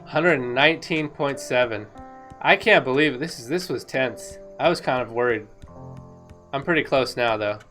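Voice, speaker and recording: Woman, gaming commentary, excitable, rambling, laughs often, faint background music. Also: a bass voice, normal speed. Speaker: gaming video creator. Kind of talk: casual commentary over gameplay footage.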